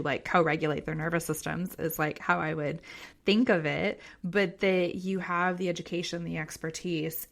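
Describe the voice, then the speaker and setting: Woman, podcast host, casual interview, chatty, effusive, filler-heavy, slightly low pitch. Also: fairly bright tone. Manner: chatty and effusive, many "like" fillers, laughs often.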